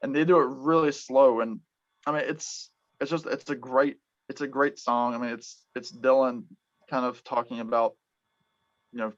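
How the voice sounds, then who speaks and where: Halting man, dull lo-fi sound. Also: mid-range voice, steady tone. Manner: halting, full of ums and restarts. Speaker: podcast host. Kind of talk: casual music chat.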